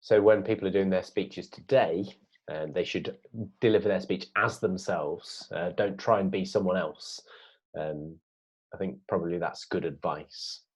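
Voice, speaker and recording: A man co-presenting a children's writing lesson in a relaxed, encouraging way, with hesitations. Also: sits low, measured pace, slightly rough. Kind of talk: classroom lesson video.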